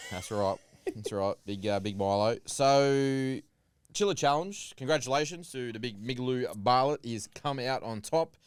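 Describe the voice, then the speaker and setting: A man's voice: mid-range voice, normal speed, clean tone, no room sound. A man co-hosting a podcast, bantering bluntly and joking, with casual swearing. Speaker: podcast co-host.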